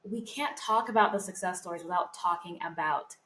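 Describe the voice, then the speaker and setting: A woman's voice: lowish voice, brisk, a bit bright. A young woman co-hosting a podcast, talking in an earnest, emotional way about faith and her own life. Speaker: podcast co-host. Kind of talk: heartfelt casual chat.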